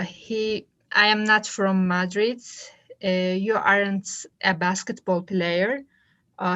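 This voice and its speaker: A woman's voice: mid-range voice, fairly bright tone, muffled recording. A woman student reading English sentences aloud over a video call, hesitant between phrases. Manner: hesitant, many uh fillers. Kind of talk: reading exercises aloud in class.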